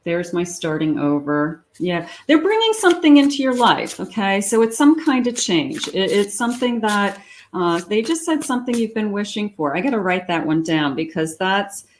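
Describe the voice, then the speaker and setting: A woman reading tarot cards aloud in a chatty, reassuring way, thinking out loud as she goes. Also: medium pitch, very animated, normal speed, a little hiss or hum. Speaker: psychic tarot reader.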